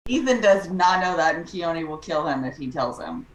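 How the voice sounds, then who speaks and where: A woman's voice: low-pitched, lively intonation, moderate pace, roomy sound, low-quality recording. A woman playing a tabletop game, narrating her character in a playful drawl. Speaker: player.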